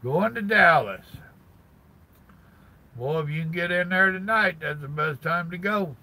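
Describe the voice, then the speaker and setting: A man's voice: a little high, expressive, a little slow, pushed and bright, low-quality recording. An older man, chatting casually on a live stream from his parked truck cab and greeting viewers by name in a folksy drawl.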